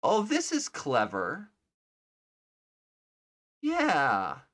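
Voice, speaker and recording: A man live-streaming his coding, reading out names as he checks them and thinking aloud, often trailing off into quiet murmurs. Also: a little high, huge pitch swings, drawn-out words. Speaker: livestreaming software developer. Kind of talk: casual live-coding commentary.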